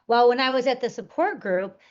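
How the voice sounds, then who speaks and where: Woman telling her story kinda rambly and earnest, higher voice, muffled lo-fi sound. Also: lively intonation, a little fast. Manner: earnest, rambling retelling with many "like" and "you know" fillers. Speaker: interview guest. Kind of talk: candid personal storytelling in conversation.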